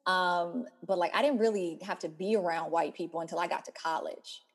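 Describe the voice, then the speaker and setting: An American woman co-hosting a podcast, relaxed and frank, with casual swearing. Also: fairly low pitch, fairly quick, breathy edge. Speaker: podcast co-host. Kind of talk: casual chat.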